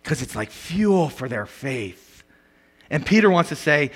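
Preaching with animation, this male pastor has a mid-range voice and a moderate pace. He swings from forceful, loud moments to hushed asides, with frequent laughter throughout.

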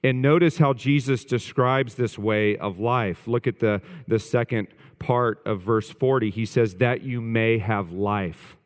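A man's voice: medium pitch, a little slow, hardly any pauses, big-room sound. A male pastor preaching a sermon earnestly, stressing points through repetition.

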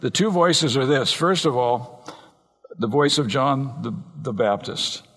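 A man preaching an earnest expository sermon from the pulpit, slowing down and speeding up to stress points. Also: medium pitch, lively intonation, a bit bright. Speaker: pastor. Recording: long reverb in a large hall.

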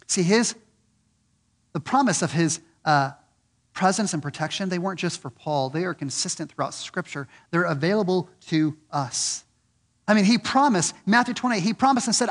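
A man preaching a sermon, earnest and repeating questions for emphasis, swinging from loud and lifted on key points to low and soft. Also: lively intonation, moderate pace. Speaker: pastor.

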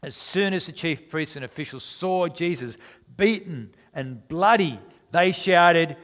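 A man delivering a dramatic sermon, his voice a little higher than most men's. He slows down to press his points and reads scripture aloud. His words ring out with a long reverb, as if from a large hall. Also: lively intonation, a bit bright. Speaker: preacher.

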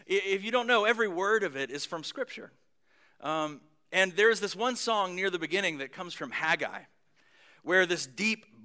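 A man preaching a sermon, moving between booming emphasis and hushed near-whispers, with casual conversational asides. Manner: conversational asides with light humor. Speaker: pastor.

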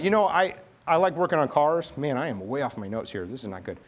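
Chatty pastor telling a story. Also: male voice, a little high, sing-song, fast talker, few pauses. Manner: conversational storytelling, chatty asides. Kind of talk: sermon.

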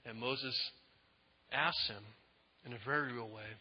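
A male pastor preaching a sermon in an animated way, acting out quotes in different voices. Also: medium pitch, a little slow, slightly rough. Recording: echoey hall, dull lo-fi sound.

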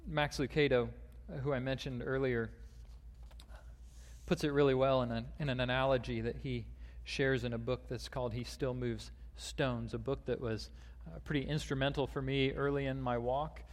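A man's voice: medium pitch, fairly even intonation, moderate pace, in a large hall. A man preaching a sermon, with frequent fillers and restarts, reading a long quoted passage aloud. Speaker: pastor.

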